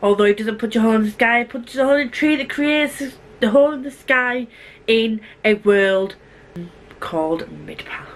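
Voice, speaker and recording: A woman talking quickly and chattily as a book vlogger, gushing in a casual review with asides and restarts. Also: fairly high pitch, poor audio.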